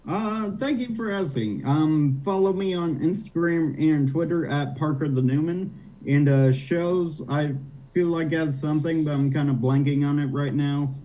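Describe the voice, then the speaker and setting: A man's voice: on the high side, moderate pace, mellow, low-quality recording. A man guest on a comedy chat, ranting casually with laughs.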